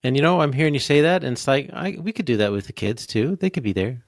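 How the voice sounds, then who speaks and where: A man's voice: medium pitch, animated, fast talker, no room sound, clean studio sound. A middle-aged man hosting a podcast interview, chatting loosely and thinking aloud with plenty of fillers. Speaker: podcast host. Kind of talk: casual interview chat.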